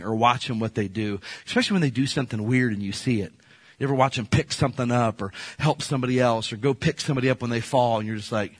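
A man preaching a sermon as a pastor, folksy and animated, often slipping into playful quoted voices. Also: mid-range voice, fast, slightly rough, no room sound.

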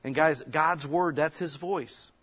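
A male pastor giving a conversational sermon, swinging between loud emphasis and soft, near-whispered lines. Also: a little high, slow, husky.

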